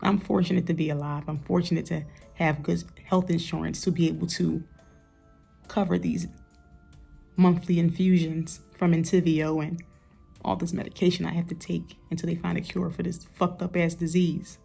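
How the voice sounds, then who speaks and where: A woman's voice: lowish voice, level tone, normal speed, vocal fry, warm tone, slightly rough, faint music behind. A woman rapper speaking frankly and with some profanity in a candid documentary interview. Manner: frank and profane, gets playful and laughs. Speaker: rapper interviewed about her life.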